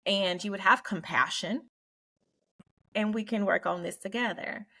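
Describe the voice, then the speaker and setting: A woman's voice: mid-range voice, fairly even intonation, unhurried, sharp tone. A woman hosting a casual group talk, speaking earnestly and preachily with frequent laughs. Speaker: podcast host.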